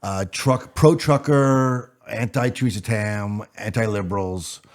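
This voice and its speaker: A man hosting a casual podcast chat, talking in halting bits with many fillers and trailing off. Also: fairly low pitch. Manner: hesitant, filler-heavy, trailing off. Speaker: podcast host.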